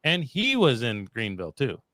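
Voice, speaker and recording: A man's voice: medium pitch, wildly swooping pitch, normal speed, sharp tone, dry recording, clean studio sound. A man hosting a livestream in a casual, playful chat, full of joking asides. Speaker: host of a livestream show.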